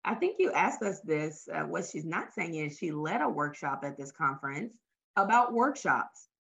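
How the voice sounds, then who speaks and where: A Louisiana woman with a Southern US accent, guesting in a casual interview, tells stories from her work as a talent development facilitator. Her low, gravelly voice moves at a moderate pace, and the recording quality is poor. She's a lively storyteller who acts out the lines she uses in her workshops.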